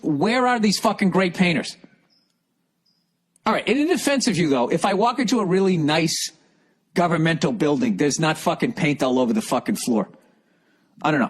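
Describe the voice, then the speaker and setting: Profane, ranting man with a high voice. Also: slightly rough. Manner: profane, angry ranting with shouted outbursts. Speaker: comedian. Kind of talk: ranting comedy podcast monologue.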